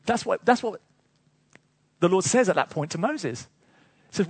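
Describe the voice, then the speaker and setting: Male preacher, sermon; high husky voice, chatty storytelling with chuckles. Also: moderate pace, pauses often, no room sound. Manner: lively storytelling with chuckles, asides to the congregation.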